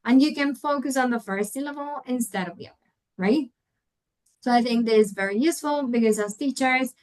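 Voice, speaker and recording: Woman, first language Spanish, webinar lecture, fairly high voice, unhurried, models words aloud. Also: poor audio. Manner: patient explaining, models example words aloud, frequent tag questions. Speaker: English teacher trainer.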